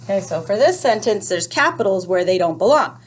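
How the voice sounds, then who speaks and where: A woman explaining a first grade reading lesson to parents, speaking clearly and patiently, step by step. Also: medium pitch, lively intonation, a little fast, a little hiss or hum.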